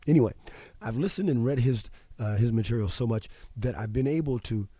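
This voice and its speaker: A radio show host with a brisk, mid-range voice, dark in tone with a breathy edge, gives an emphatic, preachy motivational talk and repeats phrases for effect. The recording is dry.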